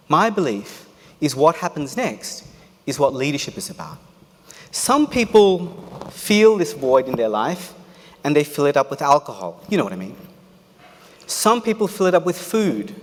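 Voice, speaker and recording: Animated man telling stories on stage. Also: on the high side. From Australia. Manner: animated storyteller, humorous asides. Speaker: keynote speaker. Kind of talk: motivational keynote speech. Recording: echoey hall.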